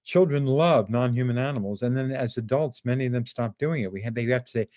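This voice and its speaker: An older man speaking as a guest in a conversation about animal rights over a video call. He talks haltingly and often repeats or restarts his words. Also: medium pitch, darkish tone, no echo. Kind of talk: casual conversation.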